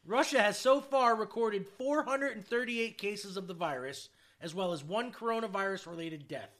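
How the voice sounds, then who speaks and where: A man's voice: sits high, normal speed, fairly bright tone. A man hosting a casual podcast, reading news headlines aloud with joking, profane asides. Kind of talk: casual chat.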